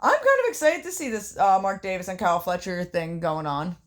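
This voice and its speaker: A woman co-hosting a casual podcast, swearing constantly as she tells a story in an animated way. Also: mid-range voice, brisk. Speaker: podcast co-host. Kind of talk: casual chat recapping wrestling.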